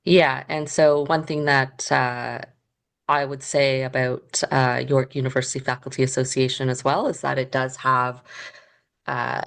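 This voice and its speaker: Woman, podcast guest, very low voice, gravelly fry, thoughtful, hesitant explaining. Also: flat delivery, measured pace. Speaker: union staff guest. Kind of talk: podcast interview.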